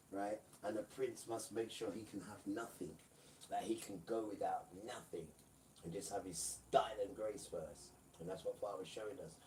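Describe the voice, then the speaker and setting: A man preaching on a livestream in a repetitive, emphatic way, often asking the viewers "right?" and breaking into loud bursts. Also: on the low side, far from the mic, slight background noise, rough recording.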